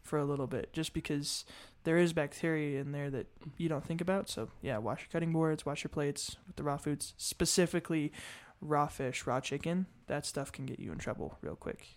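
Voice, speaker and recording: A young man co-hosting a casual chat in a relaxed, easygoing way. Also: a little high, normal speed, few pauses. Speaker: podcast co-host.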